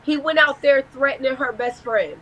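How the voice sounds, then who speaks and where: A woman's voice: high-pitched, moderate pace, lo-fi sound. A woman, a guest telling a blunt, profane story in a casual live-stream interview. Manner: candid, profane, animated storytelling.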